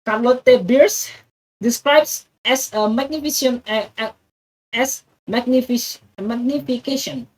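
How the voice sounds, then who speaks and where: A woman with an Indonesian accent reads an English passage aloud for practice. She stumbles, repeats words and restarts often. Her voice sits somewhat high and she is a little far from the microphone. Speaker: English learner reading aloud.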